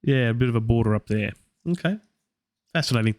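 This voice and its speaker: An Australian man hosts a live Latin study session, musing aloud and pausing on fillers as he works through each sentence. His voice is smooth and resonant at a middle pitch. The sound is dry and close, with no room echo. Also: expressive.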